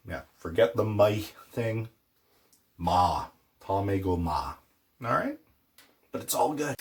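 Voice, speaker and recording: A man teaching a casual language lesson, playful, with jokey asides and slow repeated words for pronunciation. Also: fairly low pitch, very animated.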